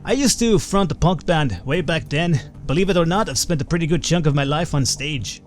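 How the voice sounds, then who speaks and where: A man's voice: on the high side, expressive, a little fast, voice pushed up, lightly acted. Guy doing a rowdy old irish punk mage, brash swagger, game dialogue, faint music behind. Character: gruff older male punk-rocker mage, rowdy.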